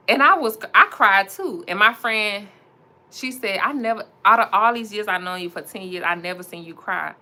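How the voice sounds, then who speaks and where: A woman's voice: fairly low pitch, pushed and bright. A young woman, chatting casually and animatedly to her viewers on a livestream, laughing often. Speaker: entrepreneur livestreaming while styling a wig.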